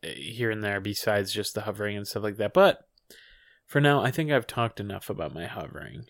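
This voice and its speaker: A man's voice: fairly low pitch, lively intonation, a little fast, a bit bright, dry recording. A podcast co-host, a man in casual chat who rambles through filler words and restarts. He swears freely and keeps circling back to his point. The sound is dry and close to the mic.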